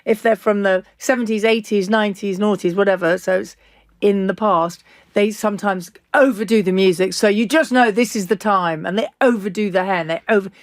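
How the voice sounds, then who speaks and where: A woman hosting an interview podcast, warm in her praise and effusive. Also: mid-range voice, steady tone, fairly quick, no room sound, studio quality. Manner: enthusiastic, effusive. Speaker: podcast host. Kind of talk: casual interview chat.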